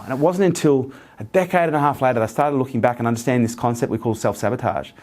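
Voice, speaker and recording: A man's voice: mid-range voice, very fast, a little mellow. A man talking earnestly in an interview, telling stories with lots of repetition. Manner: earnest, storytelling, repetitive phrasing. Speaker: interview guest. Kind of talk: motivational interview talk.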